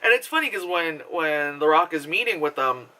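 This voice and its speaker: A man's voice: a little high, lively intonation, moderate pace, sharp tone. A man giving a casual, rambling movie review, full of fillers and swearing. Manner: rambling, filler-heavy, profane.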